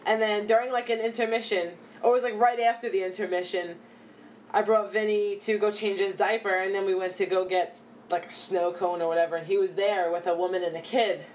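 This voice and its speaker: A woman's voice: medium pitch, fairly quick. Woman chatting w friends, laughs a lot, bit of faint noise behind. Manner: animated storyteller, laughs often. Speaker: friend in casual chat. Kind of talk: casual chat.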